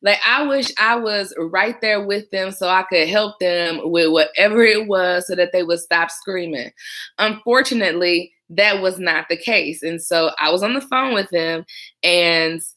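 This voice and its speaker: Chatty woman, bright voice. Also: medium pitch, a little slow. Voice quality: smooth, calm voice. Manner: chatty, animated, acts out callers' screams. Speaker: former 911 dispatcher vlogger. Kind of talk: casual chat, storytelling to camera.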